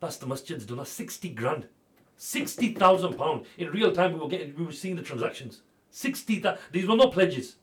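A man making a charity appeal on TV. He swings between loud, pressing urging and hushed, intimate storytelling. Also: a little high, animated, normal speed. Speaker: charity fundraiser. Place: TV studio.

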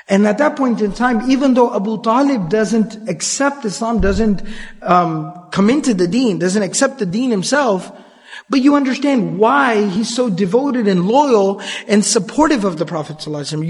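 A man lectures on early Islamic history in an earnest storytelling manner, dropping Arabic phrases as he goes. His voice sits high for a man. The sound rings with the long reverb of a large hall. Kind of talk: storytelling lecture on the Prophet's life.

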